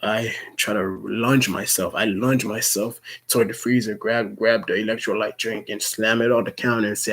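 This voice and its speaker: Husky young man telling a story. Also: on the low side, fairly even intonation, a little fast, hardly any pauses, fairly bright tone. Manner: rambling, profane, stammering restarts. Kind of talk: casual personal storytelling.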